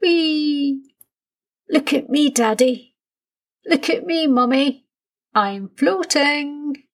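A woman voicing an eager, excitable little boy in a storybook reading, with a high childlike delivery. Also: slow pace, breathy edge, heavily acted.

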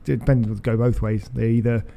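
A man's voice: medium pitch, level tone, fairly quick, creaky, mellow, dull audio. A man co-hosting a podcast, talking casually and trailing off mid-sentence. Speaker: podcast co-host. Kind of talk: casual chat.

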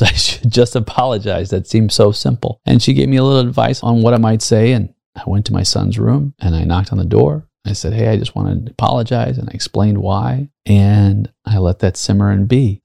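A man's voice: fairly low pitch, vocal fry, mellow, no room sound, studio quality. A man in his fifties hosting a podcast, talking earnestly to listeners and telling personal stories with rhetorical questions. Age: 50s. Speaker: podcast host. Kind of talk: solo leadership podcast monologue.

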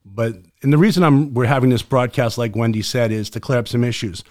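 A man with a thick Boston accent hosts a casual podcast. He talks fast and passionately, tripping over restarts and fillers. His voice sits mid-pitch and sounds dry and close. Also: no room sound. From Boston area. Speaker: host.

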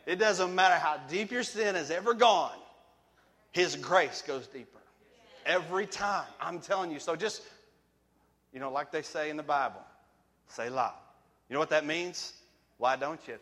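A man's voice: fairly high pitch, moderate pace, pauses often. Man preaching a testimony in a hall. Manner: emphatic, swings from quiet to shouting. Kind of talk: testimony sermon. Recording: long reverb of a large hall.

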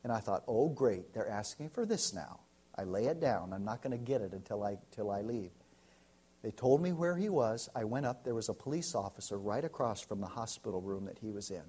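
An American man, a pastor, preaching a sermon and telling a story, swinging from loud to hushed. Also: on the low side, lively intonation, a little fast, breathy edge. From United States.

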